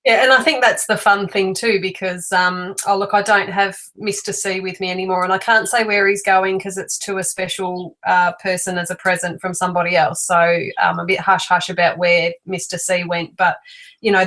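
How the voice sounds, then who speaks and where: A woman chatting as a guest on a live stream, giggly and relaxed, with lots of fillers. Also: lowish voice, rough recording. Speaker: guest, doll maker. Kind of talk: casual live-stream chat.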